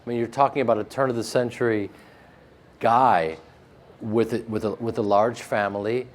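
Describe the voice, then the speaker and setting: Here is a man with a flat Midwestern American accent being interviewed about his acting. He talks at an ordinary middle pitch and tells stories casually. He jokes and mocks himself as he goes. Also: moderate pace. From Chicago, American Midwest. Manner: joking, self-mocking storyteller.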